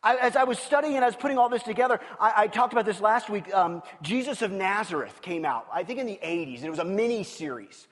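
Man, pastor, animated sermon, playful storyteller, asks the crowd questions, very high voice, big echoing hall. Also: quick pace, few pauses. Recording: long reverb of a large hall.

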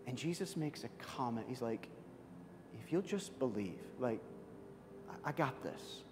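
A male pastor delivering a sermon at a middle pitch, voice ringing with long reverb in a large hall. His delivery is dramatic, rising to loud, high outbursts and falling to near-whispers. A faint low rumble sits underneath. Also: lively intonation, unhurried. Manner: dramatic, swings from loud and high to soft and hushed.

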